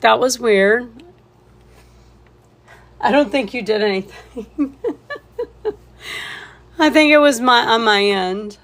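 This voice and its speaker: Woman painting instructor, live tutorial, gravelly, slow and easygoing. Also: a little high, fairly bright tone. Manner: laid-back and chuckling, thinks aloud.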